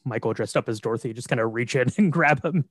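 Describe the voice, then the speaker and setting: A man co-host walks through a film's plot in a relaxed, easygoing manner, often murmuring agreement. His voice is mid-pitched and the recording is dry and close. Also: fast, no echo. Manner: relaxed, agreeable, frequent affirmations. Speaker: podcast co-host. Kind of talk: casual chat retelling a film.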